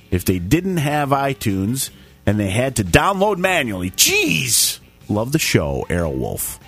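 A man's voice: medium pitch, husky. A man co-hosting a casual podcast, reading listener comments aloud in a jokey way and stumbling over the words. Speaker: podcast co-host.

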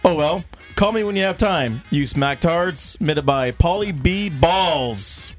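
Higher-voiced playful male co-host. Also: expressive, measured pace, faint music behind. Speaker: podcast co-host. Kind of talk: casual chat reading listener comments.

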